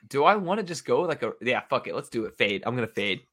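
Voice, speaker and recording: Man, bright and clear tone, laid-back betting chat, drops frequent curses. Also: mid-range voice, big pitch swings, fairly quick. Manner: laid-back, swears freely, says bro and dude. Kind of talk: casual sports betting chat.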